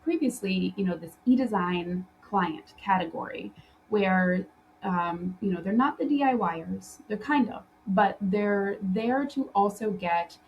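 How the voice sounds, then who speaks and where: A woman's voice: medium pitch, unhurried, lo-fi sound, a little hiss or hum. A woman hosting a solo podcast, talking loosely with lots of fillers and restarts and often breaking into laughter. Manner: laughs often while telling stories. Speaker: podcast host and interior design business coach.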